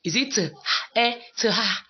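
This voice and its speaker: A woman's voice: on the high side, unhurried, pushed and bright, dull audio. A woman teaching a phonics lesson to young children, patient and repeating words for them to copy.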